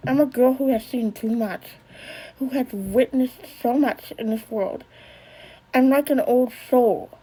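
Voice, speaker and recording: A woman voicing a sharp-tongued, moody young girl who talks back in a defiant, earnest way. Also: high voice, a little slow, slightly rough, rough recording.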